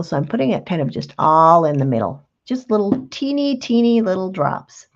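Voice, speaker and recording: Female craft host, low gravelly voice, chatty and patient demo, dull lo-fi sound. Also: expressive, normal speed. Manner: chatty, patient, talks while working with hands. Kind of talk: relaxed step-by-step craft demonstration.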